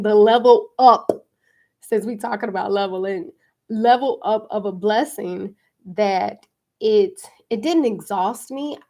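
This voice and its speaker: A woman with a gravelly, creaky voice speaks in a relaxed, chatty way, hosting a spiritual podcast. She talks casually, filling her sentences with ums and likes. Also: medium pitch. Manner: relaxed, chatty, with frequent fillers and laughs. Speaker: podcast host and card reader.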